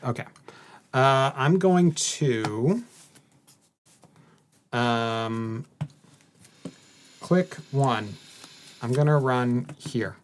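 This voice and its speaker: A man's voice: medium pitch, extremely slow, long pauses, a little hiss or hum. A man co-hosting a live stream, calling out each step of his turn in a card game with playful teasing. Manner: playful teasing, announces each click aloud. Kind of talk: casual chat while playing.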